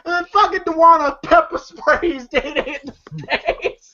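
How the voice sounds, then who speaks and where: A man chatting loosely about a comedy movie, retelling scenes and breaking into laughter. His voice is bright and forceful. The sound is dull and lo-fi. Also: extremely high pitch, fairly even intonation, normal speed, few pauses. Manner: retells scenes, quoting lines and laughing a lot. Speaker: movie reviewer. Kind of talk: casual movie recap chat.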